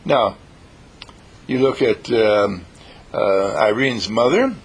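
A man giving an inspirational talk, telling stories in an animated, emphatic way and repeating his key lines. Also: fairly low pitch, slow, slightly rough. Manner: animated, repetitive, emphatic storyteller. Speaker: speaker.

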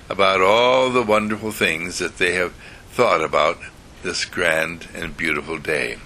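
A man voicing a gentle talking bedside candle who tells bedtime stories in a slow, soothing way. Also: low voice, a little hiss or hum, voice pushed down.

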